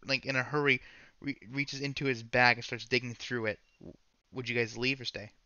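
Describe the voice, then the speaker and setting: A man with a bright, forceful voice runs a tabletop game, rambling through scene descriptions and often correcting himself mid-sentence. The sound is dry and close, though a little dull, as from a modest microphone. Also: mid-range voice, steady tone, fairly quick, no echo. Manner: rambling, self-correcting narration. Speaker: game master.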